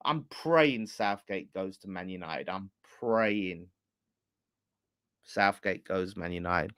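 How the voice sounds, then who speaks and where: A man's voice: sits low, takes it slowly, fairly bright tone, dry recording, clean studio sound. A man hosting a casual fan live stream, ranting bluntly with swearing and laughter. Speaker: fan channel host.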